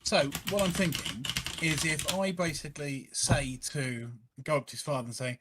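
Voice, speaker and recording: A man's voice: fairly high pitch, steady tone, moderate pace, few pauses, very noisy. A man playing a tabletop game, talking casually and thinking aloud with many fillers. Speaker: player.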